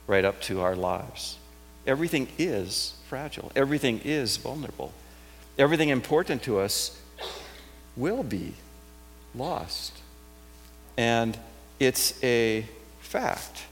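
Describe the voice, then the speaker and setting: A man giving a conversational, reflective sermon, repeating phrases softly for emphasis. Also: medium pitch. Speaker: preacher. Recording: long hall reverb, faint hum.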